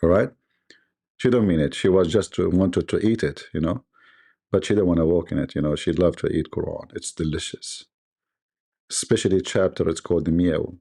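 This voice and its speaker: A man's voice: deep voice, steady tone, normal speed, creaky, warm tone, breathy edge. A man hosting a livestream, giving mocking commentary in a sarcastic manner, laughing often and mimicking voices. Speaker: livestream host.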